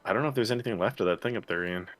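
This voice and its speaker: A man playing in a tabletop game, making quick offhand remarks. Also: lowish voice. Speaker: player. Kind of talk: casual chat.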